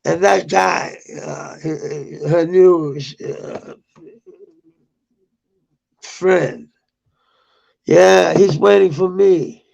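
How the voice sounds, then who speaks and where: A man's voice: fairly high pitch, drawn-out words, creaky, long pauses, darkish tone, muffled recording. A middle-aged man telling a personal story in a rambling, profane way, with bitter outbursts.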